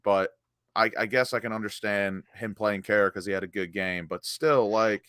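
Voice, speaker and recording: Venting on a fan channel he co-hosts, this man swears and restarts sentences while tearing into how the team played after the match. He sounds on the low side, smooth and fairly bright, at a moderate pace with fairly even intonation; the studio audio is clean with no echo.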